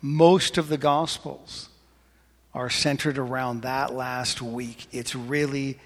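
A man preaching a sermon, questioning his congregation, rising to animated emphasis and dropping to soft prayerful tones. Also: medium pitch, slow pace, big-room sound. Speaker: pastor.

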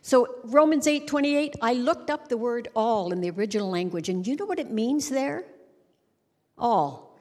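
Wry, lively woman preaching in a hall. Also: fairly high pitch, moderate pace. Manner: wry, joking storyteller who acts out quotes. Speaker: church speaker. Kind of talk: humorous sermon. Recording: long hall reverb.

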